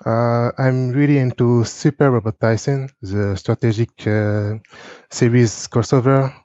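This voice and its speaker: A man's voice: mid-range voice, steady tone, measured pace, dark tone, no room sound, highs cut off. A man from France with a French accent, co-hosting a casual podcast and talking hesitantly with lots of fillers. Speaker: podcast co-host.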